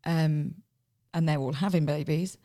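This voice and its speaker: A woman telling her own life story on a podcast, frank and animated, often acting out what was said. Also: low voice, unhurried. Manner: frank, animated, acts out past dialogue. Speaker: podcast founder and guest. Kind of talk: candid personal storytelling.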